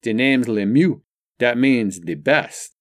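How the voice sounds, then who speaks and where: A man's voice: mid-range voice, lively intonation, takes it slowly, dry recording, clean studio sound. A man voicing a bold lilting Jamaican young woman. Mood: defiant. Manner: lilting, teasing, firm.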